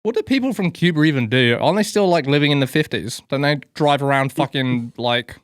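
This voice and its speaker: Young male co-host, sarcastic blunt banter, smooth tone, close dry recording. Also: a little high, animated, a little fast, dry recording. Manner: blunt, sarcastic, swears casually. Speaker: podcast co-host. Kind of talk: crude casual banter.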